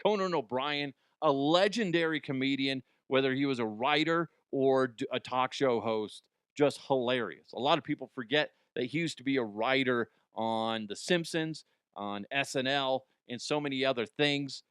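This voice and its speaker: A man's voice: mid-range voice, moderate pace, few pauses, fairly bright tone, clean tone, dry recording, studio quality. A man hosting a comedy news show, rambling in a jokey, self-interrupting way. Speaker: podcast host. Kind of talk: casual comedic commentary.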